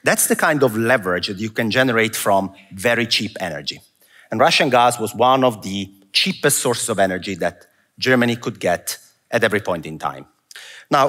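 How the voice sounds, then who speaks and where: A man's voice: mid-range voice, fairly bright tone. A man with an Italian accent giving a conversational, self-deprecating conference presentation in an event hall. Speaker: macro analyst speaker. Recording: reverberant hall.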